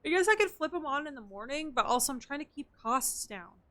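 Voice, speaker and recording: A young woman streamer chatting to her viewers as she plays. Her voice sits a little high and sounds bright and lively. She keeps up a casual patter, trailing off into muttered counts and item names. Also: fairly quick, no echo. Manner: chatty, muttering counts and items while playing. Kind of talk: casual gameplay streaming chat.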